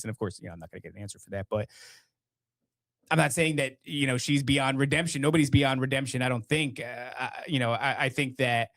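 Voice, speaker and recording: A man's voice: mid-range voice, fast talker, fairly bright tone, dry recording. A man hosting a podcast in casual chat, rambling and hesitant with many restarts. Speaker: podcast host.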